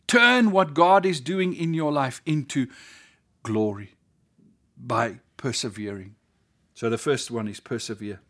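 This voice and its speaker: A South African man delivering a sermon in an earnest, steady voice of middling pitch. He drives his points home by repeating phrases with rising emphasis, stacking line on line. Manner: earnest, builds with emphatic repetition. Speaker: pastor.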